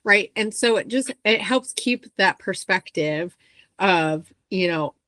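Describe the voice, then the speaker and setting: A woman's voice: medium pitch, expressive, takes it slowly, fairly bright tone, dry recording. Reflective woman podcast host, dry sound. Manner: reflective, thinking aloud with restarts. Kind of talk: casual chat.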